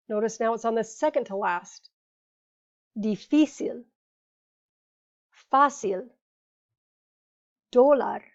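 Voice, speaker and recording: A woman teaching a grammar lesson, patiently explaining rules and saying each example word slowly before repeating it. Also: fairly high pitch, a little mellow. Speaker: Spanish teacher. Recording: dull lo-fi recording.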